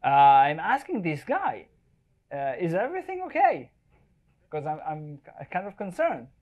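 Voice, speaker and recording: A man's voice: fairly high pitch, big pitch swings, unhurried, muffled recording. A man, a wildlife photographer, giving a live slide talk to an audience in a chatty, joking way and often checking in with the listeners. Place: event space before a live audience.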